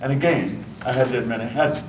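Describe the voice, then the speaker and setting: A man's voice: medium pitch, fast talker, distant mic, a little hiss or hum. Older man speaking in an echoey hall. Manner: emphatic storytelling, repeating key phrases. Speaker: motivational speaker. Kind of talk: seminar talk to a live audience. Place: hotel function room.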